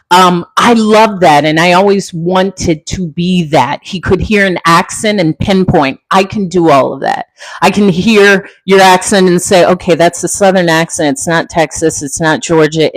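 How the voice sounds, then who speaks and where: A middle-aged woman from Central California speaks on a casual livestream, warm-hearted and reflective. Her voice sits at an ordinary pitch but leaps up and down as she talks. The sound is close and dry, with no room around it. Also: no echo, low-quality recording. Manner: heartfelt, reflective, wide pitch swings, laughs easily. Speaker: livestream host, former flight attendant. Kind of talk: casual livestream talk reading comments.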